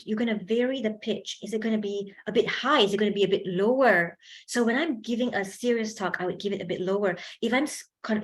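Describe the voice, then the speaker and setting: A woman leading a university workshop on public speaking, talking into a handheld mic with lively energy and frequent laughs. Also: mid-range voice. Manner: animated, laughs often, chatty fillers. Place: university event hall.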